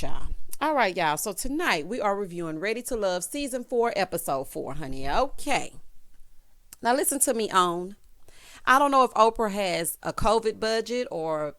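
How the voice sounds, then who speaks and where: A woman in her thirties recapping a reality show in a sassy, animated way, tossing in "honey" and "child" as she goes. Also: medium pitch.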